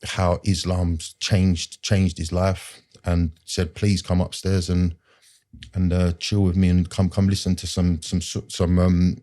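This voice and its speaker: A man tells his own story as a podcast guest. His voice sits low and mellow, and he talks in an earnest, rambling way. He is full of street slang and keeps repeating himself with "like" and "do you know". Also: flat delivery, unhurried. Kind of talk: personal story in conversation.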